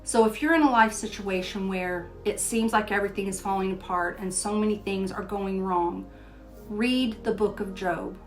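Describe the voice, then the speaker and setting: An older woman speaks at an ordinary, mid-range pitch, recounting a family story in an easygoing, personal way. She moves between plain storytelling and reading scripture aloud in a devotional teaching style. Soft music plays faintly behind her voice. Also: moderate pace. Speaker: host of a Christian devotional show.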